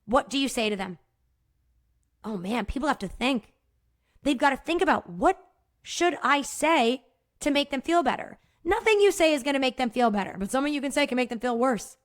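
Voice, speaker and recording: A woman's voice: high voice, lively intonation, normal speed. A woman hosting a solo podcast, talking frankly and casually, swearing now and then and often checking in with "right?". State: choked up at times. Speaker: podcast host.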